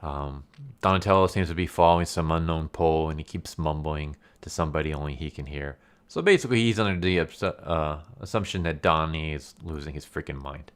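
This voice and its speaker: A man's voice: extremely low pitch, brisk, clear, resonant tone. A man casually recapping a comic story, rambling with many fillers and frequent laughs. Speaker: comic book review YouTuber.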